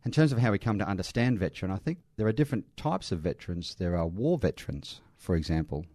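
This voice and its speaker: Middle-aged Australian man, very low voice, rapid earnest storytelling, dry close sound. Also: very animated, warm tone, no echo. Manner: earnest, anecdotal, with frequent restarts and light laughs. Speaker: army veteran working in veteran aged care. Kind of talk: conversational interview storytelling.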